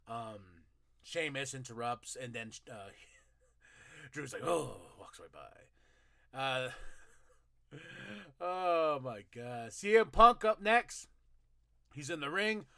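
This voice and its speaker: A man's voice: mid-range voice, animated, slow, long pauses, sharp tone, no echo, clean studio sound. A man hosting a podcast, casually recapping a wrestling show, laughing and acting out the wrestlers' lines with lots of energy. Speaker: podcast host. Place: home room.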